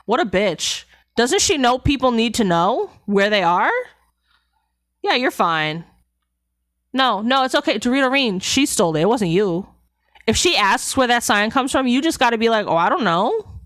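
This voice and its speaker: A woman's voice: a little high, fairly bright tone, no room sound. Sarcastic woman streamer reading aloud. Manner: sarcastic, chatty asides, rambling with restarts. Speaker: streamer hosting a book club. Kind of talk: reading a novel aloud with casual commentary to chat.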